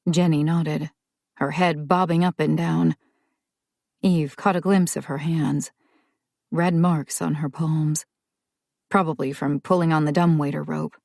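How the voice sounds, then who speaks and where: Slow, low-voiced woman narrating an audiobook. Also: steady tone, a little mellow, dry recording, studio quality.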